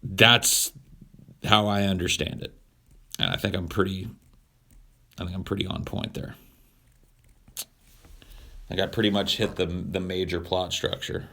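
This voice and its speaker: Profane, rambling podcast co-host; low voice with a forceful edge. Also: male voice, fairly even intonation, unhurried, creaky, long pauses. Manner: profane, rambling, irreverent, many fillers. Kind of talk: casual chat.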